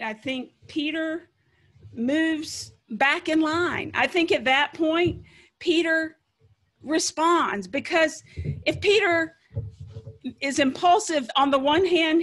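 High-voiced woman preaching a conversational sermon. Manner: conversational and animated, musing aloud. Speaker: pastor.

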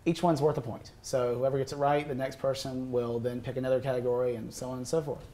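A man's voice: mid-range voice, flat delivery, fast talker, warm tone. A young man hosting a casual college game show, playful and jokey, often laughing.

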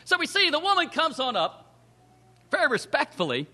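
Brief: animated male preacher, bright and forceful, high-pitched, delivering a sermon. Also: normal speed. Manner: animated, acts out the quoted voices in the scripture story.

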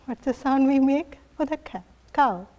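A woman yoga instructor guiding a family class in a gentle, encouraging way, often laughing softly. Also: sits high, lively intonation, measured pace, lo-fi sound.

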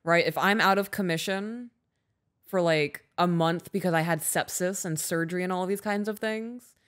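Woman cohost on a podcast, lowish voice, chatty and emotional, swears a lot. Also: moderate pace, fairly bright tone. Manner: candid, emotional, swears freely. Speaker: podcast co-host. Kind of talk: casual chat.

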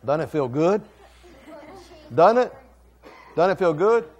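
A man's voice: fairly high pitch, lively intonation, takes it slowly, a little mellow, dull audio. A middle-aged man, a pastor, giving a playful children's sermon and questioning the kids.

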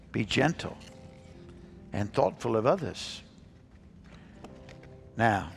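Male pastor, coaxing kids through call-and-response, lively gravelly voice. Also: medium pitch. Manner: upbeat, coaxing, repeats phrases for kids. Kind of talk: leading children in call-and-response. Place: church sanctuary.

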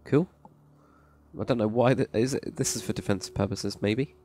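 Touring a game build at a moderate pace, a Minecraft server plot reviewer delivers casual, enthusiastic, wandering commentary and praises freely. His voice is lowish and mellow. Faint music plays behind him.

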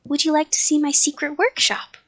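A woman doing a loud, drawn-out storybook monster. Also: high-pitched, little pitch movement, pitched above the performer's own voice. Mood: teasing. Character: costumed male monster, playful prankster. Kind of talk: storybook reading aloud.

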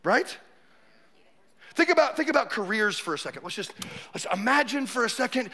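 A man's voice: very high voice, sing-song, moderate pace, long pauses, pushed and bright. A man in his forties preaching a sermon as pastor. He talks in a casual, joking way and acts out little scenes. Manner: conversational, joking, acts out quotes.

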